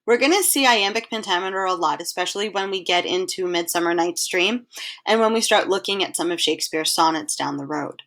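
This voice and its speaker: A woman teacher giving a recorded slideshow lesson, explaining each point patiently and reading verse aloud slowly. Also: lowish voice, a bit bright. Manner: clear, patient explaining, reads poem lines aloud in a slow measured way.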